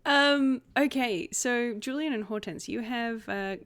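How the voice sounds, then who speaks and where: A woman's voice: on the high side, a little slow, a bit bright. A woman narrating and running a tabletop role-playing game as game master, descriptive and giggly.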